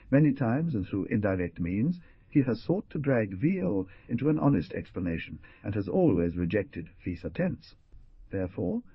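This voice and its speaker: A man's voice: lowish voice, slightly rough, no echo, highs cut off. A man voicing an earnest, compassionate young woman, with a raised, pleading delivery. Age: young adult.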